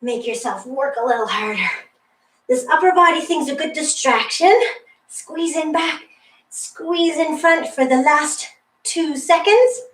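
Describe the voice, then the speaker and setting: A woman's voice: high-pitched, a little slow, fairly bright tone, recorded from a distance. Upbeat, encouraging woman in an echoey room. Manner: upbeat, encouraging, laughs often. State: a little out of breath. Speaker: fitness instructor. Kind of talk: guided workout instruction. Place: room with a wall and ceiling tiles, indoors.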